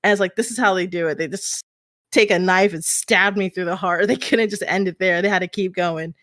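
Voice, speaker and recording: Lively woman guest, dry close sound. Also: on the low side, brisk, no room sound. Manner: lively storytelling, laughs mid-sentence. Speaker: podcast guest. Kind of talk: casual chat.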